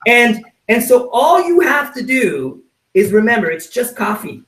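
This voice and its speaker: A man's voice: very high-pitched, measured pace. Guy doing a pumped-up sales training talk from his home office, bouncy voice that goes up and down a lot, kinda echoey and far from the mic. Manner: animated, acts out little scenes, keeps asking "right?". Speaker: network marketing trainer. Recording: roomy sound, mic at a distance.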